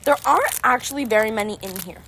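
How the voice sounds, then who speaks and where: Chill young woman, a bit high voice, rating candy in the backyard, noisy outdoor audio. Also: expressive, fast talker, gravelly, bright, forceful tone. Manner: easygoing, leads the tasting, giggles. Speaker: co-host. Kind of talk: casual chat taste test. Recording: outdoor noise, birds. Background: birds and wrapper crinkling.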